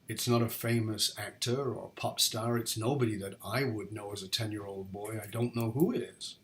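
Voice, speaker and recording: Earnest man from northern England. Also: medium pitch. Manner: earnest, animated storytelling. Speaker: podcast host. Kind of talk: interview chat.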